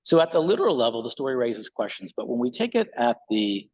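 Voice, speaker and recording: A man's voice: medium pitch, big pitch swings, fast talker, dull audio. A male pastor giving a casual, conversational sermon in a church, with loose fillers.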